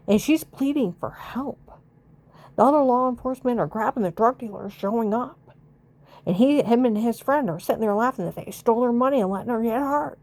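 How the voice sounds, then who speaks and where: A woman with a dark, mellow voice rants to the camera in a long angry monologue. She is from the United States, swears freely and keeps circling back to the same accusations. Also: fairly high pitch. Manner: ranting, rambling accusations, swears and repeats herself.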